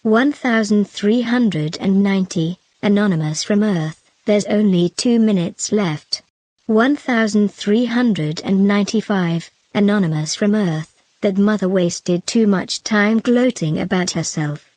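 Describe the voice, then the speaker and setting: A woman narrating a web novel, reading out numbered chat comments in a steady, listing delivery. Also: mid-range voice, measured pace, dry recording.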